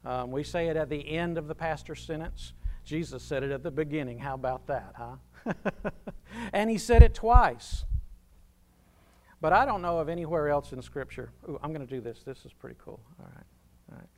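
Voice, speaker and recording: A man preaching a sermon, swinging from loud proclamations to hushed asides. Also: a little high, brisk. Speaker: pastor.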